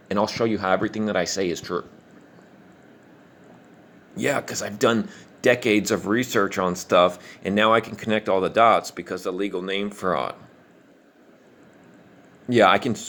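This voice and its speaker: A man with a fairly low voice rants in an angry monologue. He swears often and hammers his points in a combative, preachy way. He pushes through his lines fast and insistently. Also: a bit bright. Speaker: online commentator.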